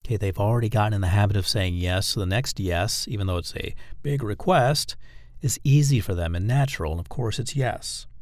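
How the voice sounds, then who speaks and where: With a fairly low voice and a fairly quick pace, a man gives an instructional talk on dating persuasion, coaching the listener directly and acting out example phrases. The recording has no room sound.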